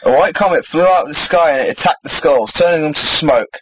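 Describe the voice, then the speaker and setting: A man's voice: a little high, fast, breathy edge. A man reading a story aloud for laughs and trading crude joking banter with a co-host. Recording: dull lo-fi recording.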